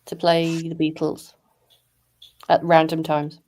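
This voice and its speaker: A woman's voice: deep voice, completely flat delivery, takes it slowly, a little mellow. A woman, a podcast guest, telling stories frankly and matter-of-factly over a video call. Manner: frank, matter-of-fact storytelling. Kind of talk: casual chat.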